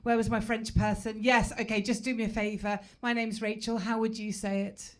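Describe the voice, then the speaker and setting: A woman's voice: a little high, flat delivery, fairly quick. An English woman performing stand-up comedy, chatty and self-mocking, talking with the crowd from a club stage. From England.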